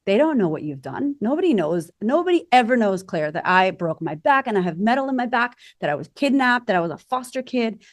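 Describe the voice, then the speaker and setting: A woman's voice: a little high, sing-song, brisk, hardly any pauses, no room sound, studio quality. A woman confidence coach talking animatedly as a podcast guest, acting out quoted voices. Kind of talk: podcast interview.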